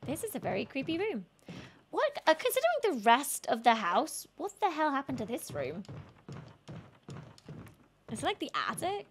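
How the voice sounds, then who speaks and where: A woman's voice: high-pitched, huge pitch swings, normal speed, long pauses, a little hiss or hum. A woman streaming a horror game, chatting to viewers, swearing and screaming at scares. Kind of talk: gaming stream commentary.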